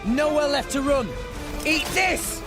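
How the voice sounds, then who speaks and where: An actor playing a brash, eager young male hero who shouts battle cries in a video game. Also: very high-pitched, expressive, slow, creaky, exaggerated voice. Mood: fierce. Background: game music.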